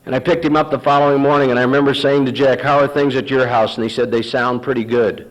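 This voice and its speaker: A man's voice: medium pitch, steady tone, fast talker, poor audio. A man speaking at a recovery meeting, telling his own story and acting out past arguments in a storytelling manner. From Texas. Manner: storytelling, acts out dialogue with sarcasm. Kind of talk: personal testimony talk.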